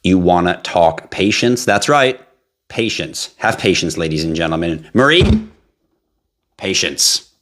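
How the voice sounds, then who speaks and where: A man's voice: deep voice, unhurried, fairly bright tone. A man hosting a crypto livestream, talking bluntly in a casual rant, swearing freely and squealing when he mocks panicky scam victims. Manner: blunt, profane, ranting.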